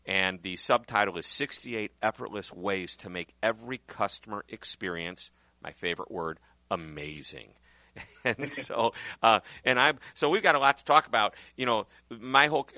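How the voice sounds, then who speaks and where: Excitable man hosting radio. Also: on the low side, normal speed, no room sound. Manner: excitable, upbeat, jokey. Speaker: radio show host. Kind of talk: enthusiastic interview hosting.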